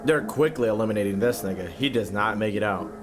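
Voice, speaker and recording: A man streaming his reaction to a video, loud, profane and mocking. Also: lowish voice, quick pace. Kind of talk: reaction commentary.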